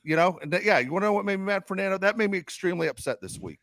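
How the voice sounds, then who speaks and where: A man's voice: high-pitched, lively intonation, rapid-fire, fairly bright tone, no room sound. A man co-hosting a podcast in casual chat, ranting and swearing often. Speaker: podcast co-host.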